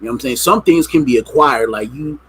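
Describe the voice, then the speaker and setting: A man's voice: mid-range voice, expressive, quick pace, a bit bright, slightly rough, rough recording. A man co-hosting a casual radio talk show, brash and joking, swearing freely.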